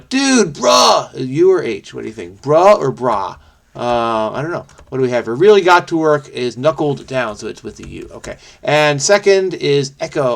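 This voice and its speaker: A man thinking aloud as he solves a crossword, muttering to himself with many fillers and self-corrections, quick bursts between slower musing. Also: fairly high pitch. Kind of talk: thinking aloud while solving.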